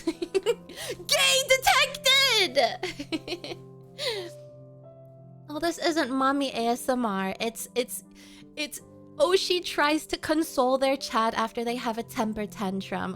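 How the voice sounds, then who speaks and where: Woman streamer, high voice, unhurried, playful and teasing, coddling her chat, faint music behind. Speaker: VTuber streamer. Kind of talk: casual chat with stream viewers. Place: home streaming setup.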